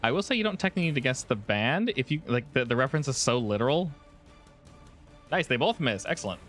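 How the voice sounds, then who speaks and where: A man's voice: mid-range voice, fast. A man with an ordinary mid-range voice narrates a tabletop game as its game master. He talks loosely and often restarts his sentences. Faint music plays behind him. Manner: relaxed, with frequent restarts and fillers.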